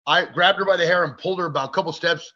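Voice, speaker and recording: A man's voice: a little high, very fast, sharp tone. A man in his forties, a podcast guest, telling his story in a blunt, profane, vivid way. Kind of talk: candid interview storytelling. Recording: dull lo-fi recording.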